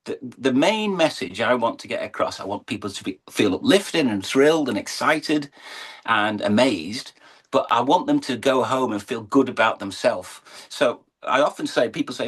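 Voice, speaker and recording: A man's voice: medium pitch, expressive, normal speed, a bit bright, slightly rough. A middle-aged English man, a horse and falcon showman, telling his story in an earnest, emotional interview. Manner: earnest, emotional, building to uplifting emphasis.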